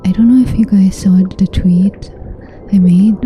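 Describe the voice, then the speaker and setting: A woman's voice: medium pitch, fairly even intonation, measured pace, mellow, a little hiss or hum. A woman streamer talking with her chat in a whispered ASMR style, playful and teasing, often giggling.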